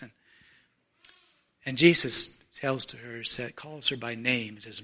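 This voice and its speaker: A man preaching a sermon, retelling a story with voices and swinging from loud to very soft. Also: medium pitch, sing-song, unhurried. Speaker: pastor.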